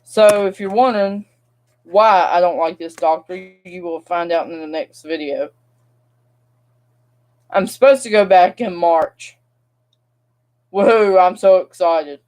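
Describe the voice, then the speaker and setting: A woman's voice: on the low side, measured pace, pauses often, darkish tone. A young woman, venting to camera in a casual, rambling vlog rant. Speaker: vlogger.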